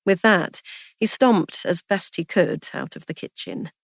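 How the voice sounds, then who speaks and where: A woman narrating a story aloud in an even, measured storytelling manner. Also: fairly low pitch, gravelly, no echo, studio quality. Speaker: audiobook narrator.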